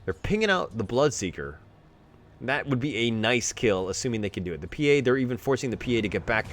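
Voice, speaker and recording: Lively chatty male game commentator. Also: mid-range voice, fast talker, slight background noise. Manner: chatty, joking asides, builds excitement on fights. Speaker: game analyst. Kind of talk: replay commentary.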